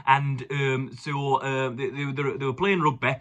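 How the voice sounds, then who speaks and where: Young man, from England, book vlogger, rambling and wordy, bright tone. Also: medium pitch, little pitch movement, a little slow, few pauses. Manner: wordy, digressive, fond of elaborate words. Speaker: book reviewer. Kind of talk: casual vlog monologue.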